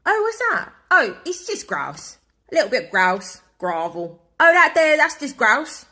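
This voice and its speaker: A woman's voice: sits high, big pitch swings, measured pace, sharp tone, voice pushed up, heavily acted. A woman doing a prissy sing-song mocker. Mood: mocking.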